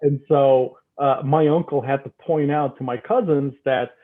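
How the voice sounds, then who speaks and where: A man's voice: mid-range voice, steady tone, unhurried. An American man co-hosting a podcast, chatting with dry teasing humor. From United States. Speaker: podcast co-host. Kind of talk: casual chat. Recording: tinny phone-like line with faint hiss.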